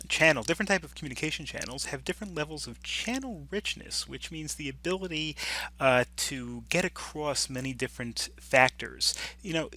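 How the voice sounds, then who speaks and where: A middle-aged man lecturing on business topics in a loose, unscripted way. His voice is bright and clear-edged at an ordinary pitch. He circles back and restarts his sentences often. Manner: rambling, full of restarts and asides.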